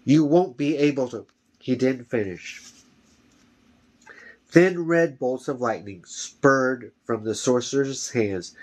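A man reading a fantasy novel aloud at home, steady with small slips and corrections. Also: mid-range voice. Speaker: reader.

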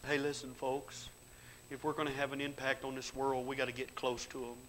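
A middle-aged man preaching a sermon in a church. He tells folksy stories in plain grammar and builds to loud, fervent exhortation. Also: mid-range voice, little pitch movement, fairly quick, a little hiss or hum, poor audio. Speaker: pastor. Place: church sanctuary.

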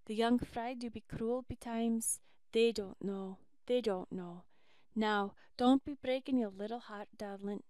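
A warm old Irish housekeeper, as a woman reader puts her on, full of homely turns of phrase. The voice sits fairly high and smooth for a woman, and the sound is close and dry in a storybook reading. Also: measured pace, no room sound, close to an everyday voice. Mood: comforting.

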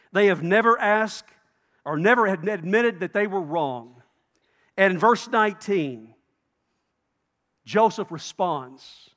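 Pastor guy preaching, high voice, acts out the story, long reverb from the church hall. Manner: expressive storytelling, acting out the brothers' pleas. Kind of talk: sermon. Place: church sanctuary.

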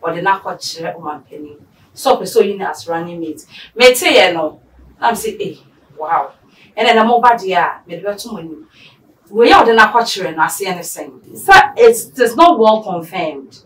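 Ghanaian woman talk-show host, brisk questioner, heard from a distance in a roomy space. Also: medium pitch, expressive, a bit bright. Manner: brisk, introducing guests and asking questions. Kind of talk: casual talk-show chat.

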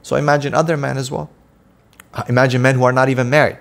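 A man preaching with fire in his voice, scolding his audience and hammering home one rhetorical question after another. His voice sits at an ordinary middle pitch for a man, and he talks straight to the listener in an impassioned monologue. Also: little pitch movement, fast talker, vocal fry, fairly bright tone. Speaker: Islamic preacher and counselor.

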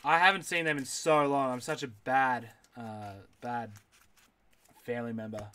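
A man hosts a live card-opening stream, rattling off names from a list, reacting aloud, and chatting with viewers. His medium-pitched voice is pushed, bright, clear, and resonant, with fairly even intonation and a measured pace.

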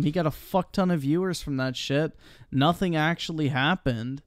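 A man's voice: fairly high pitch, moderate pace, no room sound, clean studio sound. A man reacting live to a commentary video, blunt, scornful and swearing constantly. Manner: blunt, scornful and heavily profane.

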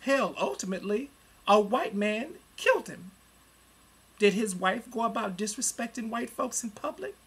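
A person in their forties giving an angry, profane webcam rant, swinging between loud outbursts and low muttering, talking into a computer at home. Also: big pitch swings, normal speed, slightly rough. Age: 40s. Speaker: vlogger.

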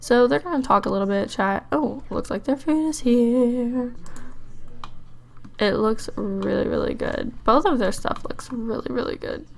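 A woman's voice: fairly high pitch, measured pace, creaky. A woman giving casual gameplay commentary as a let's play host, chatty and musing aloud with frequent ums and likes.

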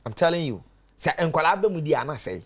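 A man on a talk show panel, telling animated stories and laughing often. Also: fairly high pitch, fast.

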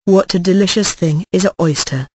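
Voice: medium pitch, brisk, husky, no room sound, close to an everyday voice. A reader doing a whiny, tipsy young shop lad. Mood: smug. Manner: whiny, blubbering. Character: tipsy, sulky young male shop boy.

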